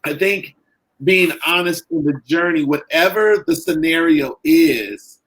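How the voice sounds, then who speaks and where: A middle-aged man, a caregiver and author, talking earnestly in a podcast interview, halting and full of "you know" and "like". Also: a little high, expressive, fairly bright tone, rough recording.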